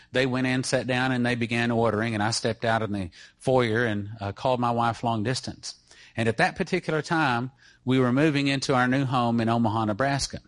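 A man's voice: mid-range voice, no room sound. A middle-aged man speaking to a church audience, introducing a guest through an earnest personal story. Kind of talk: testimony-style talk to an audience.

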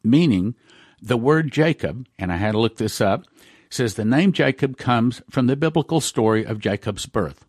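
A man's voice: mid-range voice, dry recording, clean studio sound. A man hosting a radio broadcast. He reads scripture aloud and explains it in a folksy, emphatic way. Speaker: radio host. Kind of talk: Bible prophecy commentary.

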